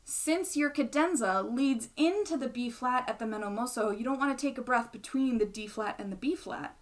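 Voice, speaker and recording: Brief: young female music teacher, slightly high voice, patient explanatory delivery. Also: normal speed. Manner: patient, explanatory, checks in with "right?". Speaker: bassoon teacher. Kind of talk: instructional explanation.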